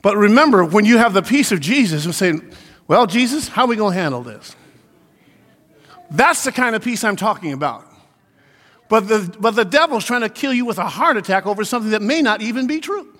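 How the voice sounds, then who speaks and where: Animated preacher with a high voice. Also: male voice, a little fast, in a large hall. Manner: animated preaching with acted-out quotes. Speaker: pastor. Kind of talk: sermon.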